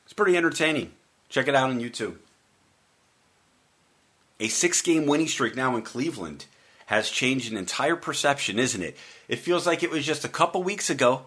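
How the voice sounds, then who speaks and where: Male sports radio host with a bright, punchy voice, riffing wryly on the week's games. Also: medium pitch, normal speed, pauses often, husky. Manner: wry, joking and animated, with playful mock voices. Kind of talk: solo sports talk commentary.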